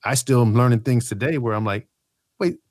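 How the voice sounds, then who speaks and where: A man from a Puerto Rican family, speaking in a casual podcast conversation and telling animated stories about his childhood. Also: medium pitch, fast talker, dry recording, studio quality. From Puerto Rican family in America. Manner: animated storytelling, voices his childhood reactions.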